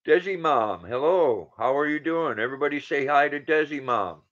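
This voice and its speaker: A man's voice: fairly high pitch, expressive, moderate pace, a bit bright. A man in his sixties hosting a casual livestream, greeting viewers by name and reading their comments aloud. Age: 60s. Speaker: livestream host. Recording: dull lo-fi sound.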